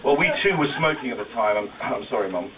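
A man's voice: medium pitch, expressive, fast, heavy background noise. A man with a British accent giving his wedding speech, self-deprecating and jokey, tripping over restarts. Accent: British English. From Britain. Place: wedding reception hall with guests. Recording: distant, crowded reception with chatter and laughter.

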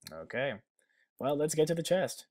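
A man's voice: on the high side, very animated, normal speed, a little mellow. Sarcastic man commentating a game. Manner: sarcastic, joking, swearing. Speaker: gaming channel host. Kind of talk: let's play commentary.

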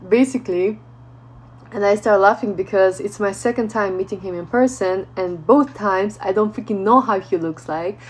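A woman vlogger telling a casual story in a chatty way, full of fillers and lively retelling. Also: mid-range voice, normal speed, husky, poor audio. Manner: chatty, peppers speech with "like", animated retelling.

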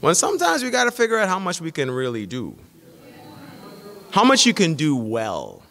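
Middle-aged male pastor, lively sermon voice, bright and forceful, long church-hall echo. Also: on the high side, moderate pace. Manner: animated storytelling, acts out quotes. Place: church sanctuary.

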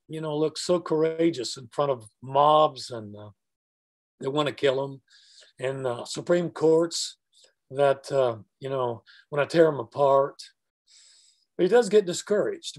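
A man's voice: on the high side, a little slow, darkish tone. A man teaching a Bible class in a chatty way, joking with his students.

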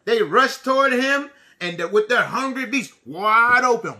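A man teacher who reads a picture book aloud to young children, speaking slowly and deliberately and asking them questions. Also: very high voice, lively intonation, pushed and bright.

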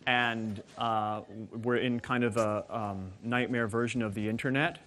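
An actor playing a hot-tempered redneck oil worker, rambling and joking in a live stage monologue. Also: male voice, mid-range voice, steady tone, measured pace, fairly bright tone, lightly acted.

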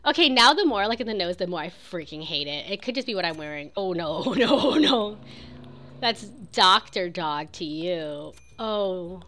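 A young woman chatting excitedly while streaming a video game, full of "like" and quick reactions. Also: medium pitch. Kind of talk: casual game streaming chat.

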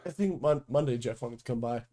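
A man hosting a podcast in casual chat, joking and excitable, swearing freely. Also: mid-range voice, brisk. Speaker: podcast host.

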